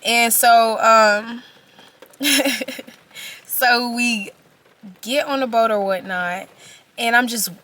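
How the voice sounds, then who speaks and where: A woman's voice: fairly high pitch, fairly even intonation, slow pace, pauses often, pushed and bright. A young woman, chatting casually to camera as she retells a personal story with slang and quoted exchanges. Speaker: vlogger telling a storytime.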